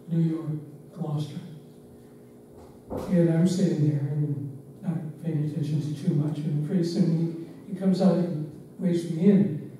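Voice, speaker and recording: An older man, once a driver and staff member, reminiscing in unhurried, reflective anecdotes with pauses. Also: a little high, dark tone. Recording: roomy, distant mic, faint background noise.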